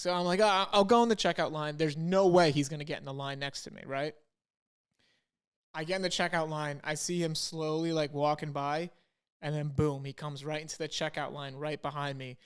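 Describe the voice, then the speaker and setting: Young man, podcast co-host, casual storytelling, higher voice, smooth and clear. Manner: animated, quotes himself and others in dialogue.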